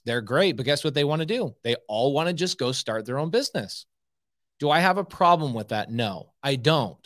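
A man's voice: mid-range voice, a bit bright. Blunt, emphatic man hosting a podcast. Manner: emphatic, blunt, repeats points for force. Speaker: podcast host and real estate coach. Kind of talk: casual live podcast talk.

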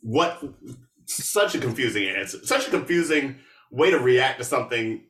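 A sarcastic man recapping a film for a podcast, with lots of asides. His voice is bright and crisp, and it sounds roomy, a little away from the mic. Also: medium pitch, normal speed, far from the mic. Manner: animated, sarcastic, with laughs and asides. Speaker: podcast host. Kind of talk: casual movie recap.

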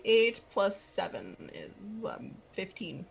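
A woman's voice: a little high, very animated, normal speed, a bit bright, slightly rough. A woman playing a tabletop game, playful and bubbly, humming to herself between rolls. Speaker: player.

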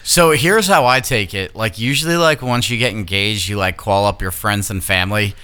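A man co-hosting a loose podcast, asking teasing questions in wry banter. His voice sits low but sounds bright. His speech is clean and clear. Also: moderate pace. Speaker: podcast co-host. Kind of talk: casual crude podcast chat.

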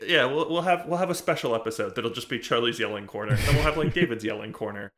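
A man's voice: mid-range voice, fast, a bit bright. A man co-hosting a TV recap podcast, chatting casually with many fillers, laughs and swearing. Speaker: podcast co-host. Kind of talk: casual chat.

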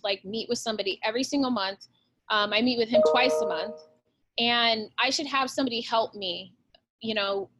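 Woman guest, swears a lot, straight-talking pep talk, voice sits a bit high. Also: a bit bright. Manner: blunt and profane, fast-flowing pep talk. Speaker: real estate agent, guest. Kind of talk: casual podcast interview.

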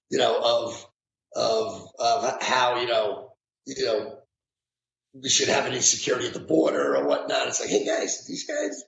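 A middle-aged man, a retired firefighter recalling events in an interview, talking haltingly with many restarts. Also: mid-range voice, creaky, highs cut off. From New York. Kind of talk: emotional interview recollection. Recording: echoey room with faint background noise.

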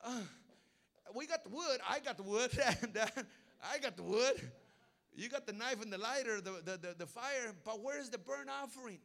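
A man's voice: very high-pitched, animated, normal speed, creaky, fairly bright tone, pitched above the performer's own voice, heavily acted. A man doing a whiny young son. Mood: pleading. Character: young son Isaac, boyish and complaining.

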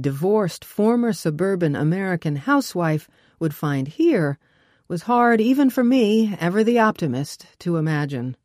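A woman with a notably low voice narrates a first-person audiobook. Her telling is wry and brisk, recorded dry and close with no room sound. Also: a little mellow, no echo.

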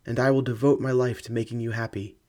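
A man's voice: medium pitch, level tone, quick pace, darkish tone, close to an everyday voice. A man voicing a young suitor who turns cold and contemptuous toward his fiancée in an audiobook reading. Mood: tender.

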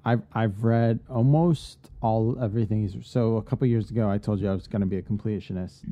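A man co-hosting a podcast in casual chat, getting animated and swearing freely as he rants. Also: on the low side, a little fast, dry recording, muffled recording. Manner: animated, profane ranting. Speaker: podcast co-host.

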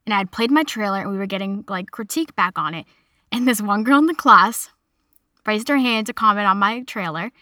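A young woman in her twenties telling a casual personal story in a chatty, animated way, quoting other people as she goes. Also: medium pitch, brisk, no room sound, clean studio sound. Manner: chatty, animated retelling with quoted voices.

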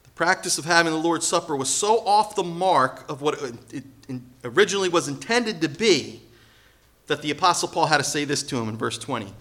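A man preaching a sermon in a lively, conversational way, acting out quotes and building to loud emphasis. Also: a little high, brisk. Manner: animated, acts out quotes, jokes, rises to loud emphasis. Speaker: pastor.

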